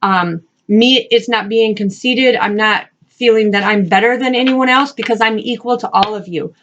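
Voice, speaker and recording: A woman reading spiritual messages, earnest and repetitive, speaking encouragingly and asking spirit questions out loud. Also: fairly high pitch, normal speed, dull audio, slight background noise. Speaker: spiritual reader and channel host. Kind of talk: casual spiritual card-reading talk.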